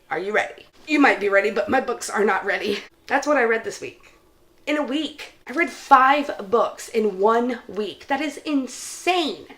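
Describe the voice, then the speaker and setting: A woman's voice: medium pitch, fairly bright tone. A young woman in a casual, chatty book vlog, talking enthusiastically straight to her viewers. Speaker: book vlogger. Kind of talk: casual book review chat.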